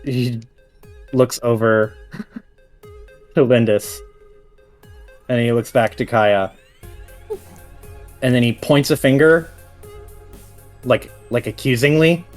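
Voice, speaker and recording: A man's voice: medium pitch, takes it slowly, pauses often, darkish tone, faint music behind. Man narrating a tabletop game casually. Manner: casual, chuckling storytelling with many fillers. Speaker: game master.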